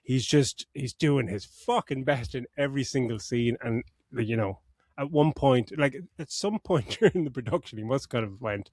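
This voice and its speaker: A man's voice: medium pitch, a little slow, no echo. A middle-aged man co-hosting a podcast, ranting about a movie in casual chat, swearing often and laughing mid-sentence. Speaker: podcast co-host.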